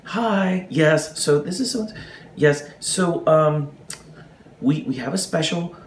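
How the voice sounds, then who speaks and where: A man putting on a nervous female airline agent who trips over her words, her voice pitched up and hesitant. The sound carries a roomy echo. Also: animated, slow, far from the mic, heavy background noise. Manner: stammering, anxious. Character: flustered female gate agent.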